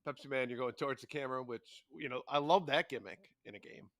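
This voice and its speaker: Laid-back male podcast co-host, bright tone, dry close sound, swears casually. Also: medium pitch, fast, no echo. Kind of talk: casual chat.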